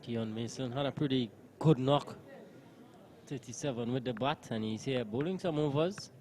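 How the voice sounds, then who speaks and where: A man giving measured live ball-by-ball cricket commentary. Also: mid-range voice, darkish tone. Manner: measured, calling each ball.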